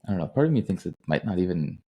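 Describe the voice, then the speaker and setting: A man's voice: low voice, very animated, racing, mellow, husky. A man from Central New Jersey in casual podcast chat, easygoing and often trailing off mid-thought.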